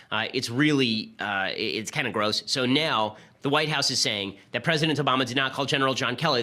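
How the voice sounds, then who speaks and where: A man hosting a political commentary show, talking in a rapid, sarcastic, argumentative way. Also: medium pitch, bright, forceful tone. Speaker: host.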